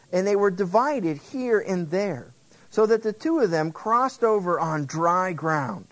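A man's voice: high voice, big pitch swings, unhurried, rough recording. A male pastor giving an expository sermon in a conversational way, with frequent asides to the congregation.

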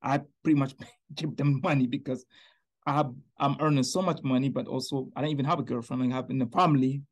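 A man from Niger, a podcast guest telling his personal faith story in an earnest, animated way. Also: medium pitch, fairly quick. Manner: earnest, animated storyteller who acts out quoted voices.

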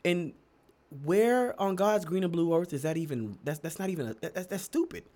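Animated young man telling church stories. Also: moderate pace. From Texas. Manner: animated, laughs often, jumps to high pitch for emphasis. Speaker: podcast co-host. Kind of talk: casual storytelling chat.

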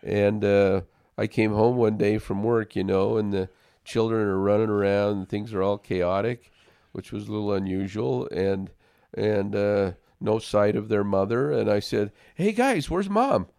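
A man's voice: on the low side, little pitch movement, moderate pace, creaky, warm tone, clear, resonant tone, dry recording, clean studio sound. A man in a casual faith discussion, telling a personal story in an earnest way and often repeating words as he starts a sentence.

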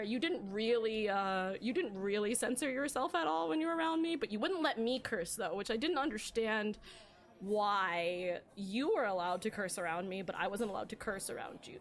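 A woman hosting a podcast, chatting casually with guests, with lots of fillers and frequent laughter. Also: medium pitch. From Philippines. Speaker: podcast host. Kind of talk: casual chat.

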